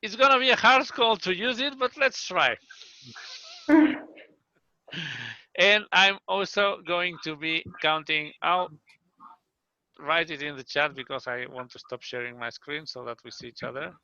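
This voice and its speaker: Hosting an online speaking club meeting on a video call, a man chats in a self-deprecating way through his computer mic. His fairly high voice is bright and forceful, a little slow, with frequent pauses. The call audio is dry and slightly dull.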